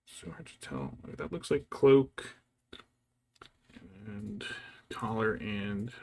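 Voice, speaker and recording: A man's voice: medium pitch, slow, creaky. A man casually chatting and muttering to himself as he paints a miniature for his stream. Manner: relaxed, muttering to himself as he works. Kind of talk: casual chat while painting.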